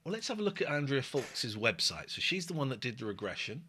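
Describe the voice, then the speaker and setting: A man hosts a loose, casual chat show, his voice swinging up and down as he jokes. He is blunt, cheerful and sweary, and his tone stays bright and ringing. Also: medium pitch, quick pace, husky. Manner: animated, joking, blunt and sweary. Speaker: host.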